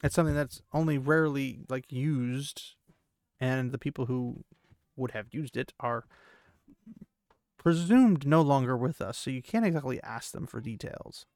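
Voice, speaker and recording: A man hosts a relaxed book podcast, retelling the chapter with joking asides. His voice has a gravelly, fry-tinged grain. It sits in a middle register, recorded close and dry. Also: medium pitch, a little slow, no room sound. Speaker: podcast host. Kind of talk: casual book recap podcast.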